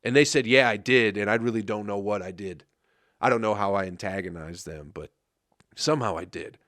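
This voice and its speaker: A man's voice: on the low side, brisk, a bit bright, no room sound. Profane rambling man telling stories, dry sound. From Flint, Michigan. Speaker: comedian podcast host. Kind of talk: casual storytelling monologue.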